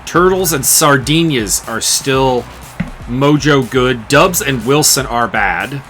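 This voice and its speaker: A man giving casual play-by-play commentary on a baseball game he is playing, chatty and quick to laugh. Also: mid-range voice, fairly bright tone, faint music behind. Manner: chatty, laughs often, muses over player names. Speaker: game streamer commentating his baseball season.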